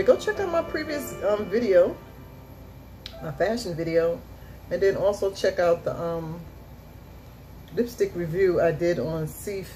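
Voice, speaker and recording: A beauty vlogger with a lowish, warm voice talks through her makeup tutorial, chatty and exuberant, repeating her catchphrases. The recording is rough, and music plays behind her.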